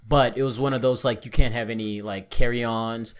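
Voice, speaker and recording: A man's voice: mid-range voice, fairly even intonation, moderate pace. A young man co-hosting a podcast, telling a story in casual chat with slang and jokes. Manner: joking, laid-back slang. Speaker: podcast co-host.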